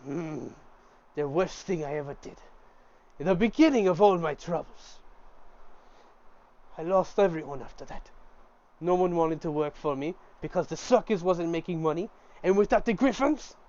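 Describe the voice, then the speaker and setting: A man's voice: on the high side, normal speed, darkish tone, highs cut off, pitched above the performer's own voice, natural voice. A man doing a bitter old circus owner. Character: bitter older male ex-circus owner, now a mystic.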